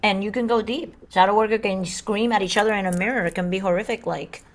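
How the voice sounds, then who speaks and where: A woman's voice: medium pitch, steady tone, fast talker. Earnest woman podcast host, dramatic delivery. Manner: earnest, dramatic, sometimes acts out voices. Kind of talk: casual spiritual podcast chat.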